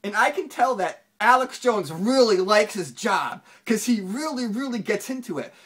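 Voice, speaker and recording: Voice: moderate pace, slightly rough. Finance vlogger just talking it out, lots of restarts and ums, voice jumps up when making a point. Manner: rambling, with many restarts and fillers; animated, pitch jumps up for emphasis. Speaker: finance channel host. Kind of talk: casual video commentary.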